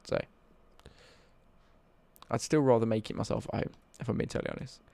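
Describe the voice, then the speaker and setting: A man's voice: medium pitch, steady tone, fairly quick, creaky, dark tone, dry recording. A young British man ranting on a casual live stream, sweary and worked up.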